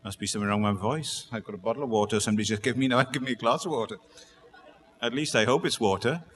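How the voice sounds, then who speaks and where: Welsh male preacher, chatty and self-deprecating, mid-pitched, heard in a reverberant hall with faint ambience. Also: rapid-fire, fairly bright tone, some chatter behind, a little hiss or hum. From Wales. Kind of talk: sermon with humorous asides.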